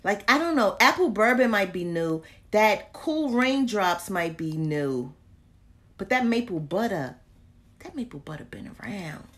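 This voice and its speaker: A woman vlogging casually to her viewers, chatty and exasperated, full of slang and muttered asides. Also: mid-range voice. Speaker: candle vlogger. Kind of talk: casual live chat to viewers.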